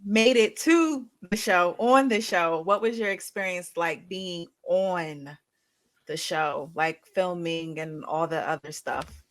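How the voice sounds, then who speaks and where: A man hosting a casual podcast interview, asking relaxed questions and giving short reactions. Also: high voice, takes it slowly. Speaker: podcast host.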